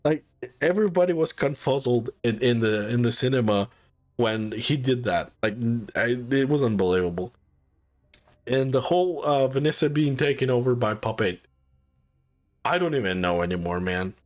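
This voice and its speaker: Profane, animated man ranting a movie review. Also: medium pitch, moderate pace. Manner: profane, incredulous, rambling. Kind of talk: casual spoiler review rant.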